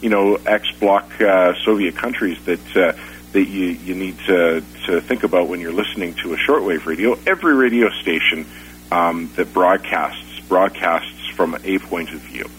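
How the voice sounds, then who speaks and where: A man with a very deep voice talks through a casual radio-show conversation. He hesitates often, restarting his sentences and filling gaps with ums. A faint hum sits under the recording. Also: fairly bright tone, low-quality recording. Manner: halting, many fillers and restarts.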